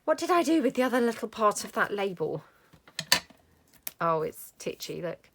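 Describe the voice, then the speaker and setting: Chatty woman with gravelly voice. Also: mid-range voice, big pitch swings, normal speed, noisy background. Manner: chatty, thinks aloud while working. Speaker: craft vlogger. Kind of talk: casual crafting tutorial chat.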